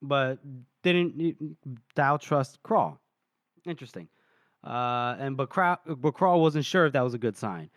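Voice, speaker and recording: Recapping a book chapter on a podcast he co-hosts, this man talks a little slowly in a medium-pitched, slightly bright voice. His chat is loose and wandering, full of fillers with an odd curse here and there. Studio quality, no room sound.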